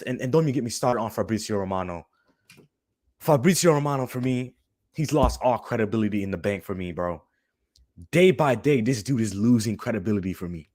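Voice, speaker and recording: A young man in a furious live-stream rant, calling everyone "bro" as he vents. His voice sits at an ordinary pitch and comes through a close microphone with no room sound at all. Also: darkish tone, dry recording. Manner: heated, repetitive, says "bro" constantly. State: fuming. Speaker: fan channel host.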